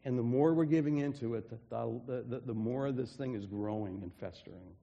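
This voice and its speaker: A pastor preaching a sermon in an earnest way, often restarting phrases and dropping softly for emphasis. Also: male voice, mid-range voice, brisk, long reverb tail, muffled recording. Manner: earnest, with frequent restarts and soft drops for emphasis.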